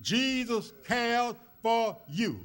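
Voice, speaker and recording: High-voiced preaching man. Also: animated, very slow, a bit bright, smooth. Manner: preaching with rising call-and-response emphasis; folksy storytelling with many uh fillers. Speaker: minister. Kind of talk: sermon. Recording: church service recording.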